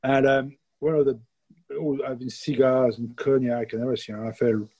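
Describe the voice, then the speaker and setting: A man's voice: medium pitch, level tone, normal speed, a little mellow, husky, rough recording. A middle-aged man from France with a French accent, a baker telling laughing, plainspoken stories as a guest in a casual interview.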